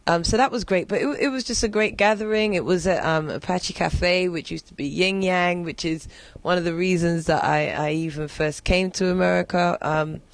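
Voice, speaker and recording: A woman from London with a British accent, a singer and poet answering interview questions in a reflective, unhurried way with many pauses and restarts. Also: fairly low pitch, no room sound. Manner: reflective, hesitant with fillers and restarts. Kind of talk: relaxed interview conversation.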